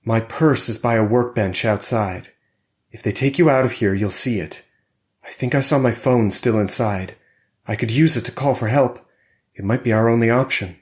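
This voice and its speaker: A man's voice: mid-range voice, moderate pace, darkish tone, pitched above the performer's own voice, close to an everyday voice. A man reading an audiobook voices the women characters in a raised, urgent tone. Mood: tense. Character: women characters, Price and Sierra, tense.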